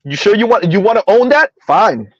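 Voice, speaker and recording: High-voiced man mocking in rhetorical questions. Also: big pitch swings, moderate pace, no room sound, muffled recording. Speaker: commentary video host. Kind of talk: reaction commentary.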